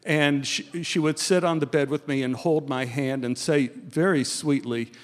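High-voiced animated man telling stories. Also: measured pace. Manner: animated, acts out dialogue with big pitch jumps. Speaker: guest storyteller. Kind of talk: comic personal storytelling on stage. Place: live theater stage. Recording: long hall reverb from live venue.

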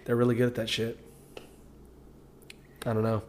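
A man's voice: medium pitch, completely flat delivery, moderate pace, a little mellow, slight background noise. A young American man who is a parent, chatting casually with a loose, profane, emphatic storytelling style. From United States. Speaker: parent, co-host. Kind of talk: casual chat.

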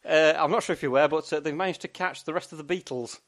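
A man's voice: a little high, quick pace. A man from England with a Sheffield accent, co-hosting a podcast in casual chat, wry and jokey, acting out imagined thoughts. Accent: Sheffield English. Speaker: podcast co-host.

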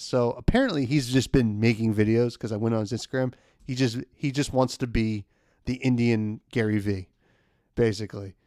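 A young man in a relaxed podcast chat, telling a story in a loose, rambling way with fillers and chuckles. His voice sits at an ordinary middle pitch. The recording is close and dry, with no room sound. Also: moderate pace, no echo. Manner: laid-back, rambling, laughs often, many fillers. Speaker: guest telling a work story.

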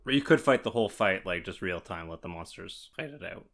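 A man co-hosting a podcast in relaxed casual talk, his voice sitting on the low side. He explains at an easy, unhurried clip with fillers. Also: creaky, slight background noise. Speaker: podcast co-host. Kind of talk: casual chat.

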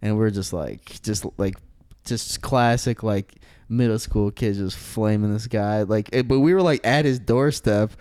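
Young male storyteller, casual and rambling, mellow dry close sound. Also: on the low side, unhurried, smooth, no echo. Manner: rambling, heavy on fillers and swearing. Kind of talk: casual podcast chat.

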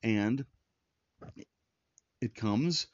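A low-pitched man delivers an earnest, conversational sermon and often circles back to restart his sentences. The sound is dry and close, with a slightly dull, lo-fi tone. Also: extremely slow, dry recording. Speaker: pastor.

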